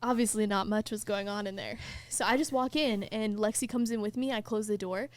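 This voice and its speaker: A woman's voice: mid-range voice, a little fast. A young woman hosting a podcast, telling a story animatedly with lots of "like" and laughter. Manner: animated storyteller, heavy use of "like", laughs mid-sentence. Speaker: podcast host. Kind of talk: casual chat, storytelling.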